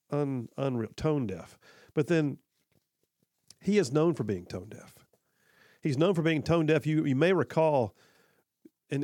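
A man's voice: on the high side, a little mellow, no echo, clean studio sound. A man hosting a talk radio show, giving opinionated political commentary and repeating his points for emphasis.

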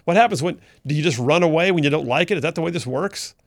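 A man's voice: fairly high pitch, lively intonation, fast talker, dry recording, clean studio sound. A middle-aged man hosting a conservative political talk radio show, folksy and sarcastic in his commentary. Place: radio studio.

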